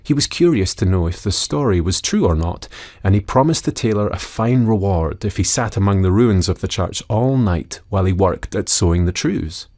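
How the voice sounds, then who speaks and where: A man's voice: sits low, lively intonation, normal speed, darkish tone. Scottish man telling a fairy tale. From Scotland. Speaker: storyteller. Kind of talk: fairy-tale narration for children.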